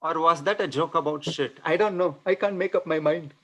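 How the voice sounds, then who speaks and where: A man from India with an Indian accent, performing a stand-up set of deadpan one-liners over a video call. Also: on the high side, a little fast. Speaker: stand-up comedian. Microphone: computer mic on a video call.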